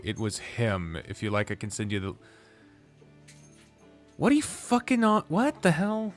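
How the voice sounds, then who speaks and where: A man streaming a strategy game, chatting casually, swearing freely and rambling from topic to topic. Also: medium pitch. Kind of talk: casual live-stream commentary while gaming.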